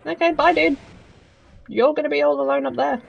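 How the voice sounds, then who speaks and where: A woman's voice: high-pitched, brisk, gravelly. A woman giving chatty, joking commentary while she plays a game. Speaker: let's play gamer. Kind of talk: casual gaming commentary. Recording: dull lo-fi mic with faint noise.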